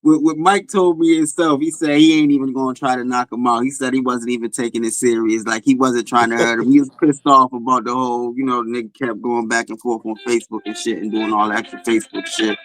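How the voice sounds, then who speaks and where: A man's voice: medium pitch, level tone, fast, hardly any pauses, a bit bright, low-quality recording. A man speaking as a guest in casual chat, blunt, with street slang and repeated words.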